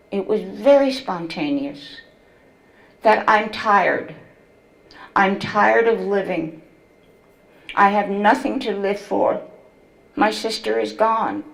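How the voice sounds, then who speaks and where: An older woman telling her own life story, slow and deliberate, with deep feeling in her storytelling. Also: vocal fry, echoey room, rough recording. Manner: slow, deliberate, emotional storytelling with quoted voices. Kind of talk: first-person storytelling to an audience.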